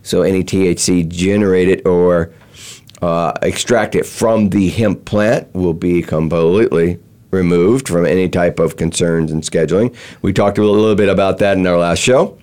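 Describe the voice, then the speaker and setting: A man's voice: sits low, normal speed, a little mellow. A man hosting a talk show, explaining step by step with many fillers and restarts. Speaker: show host. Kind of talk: explanatory chat.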